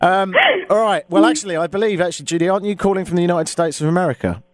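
A man's voice: high-pitched, rapid-fire, no room sound. A man hosting a comedic radio show, talking in a sarcastic, theatrical way. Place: Toronto, Canada.

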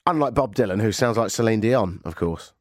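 A male radio host, congested from a cold, delivers sarcastic banter in a low, lively voice that rises and falls. The studio mic is close and dry. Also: fairly quick, no room sound. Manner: sarcastic, animated storytelling. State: stuffy nose from a cold. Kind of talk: casual talk radio banter.

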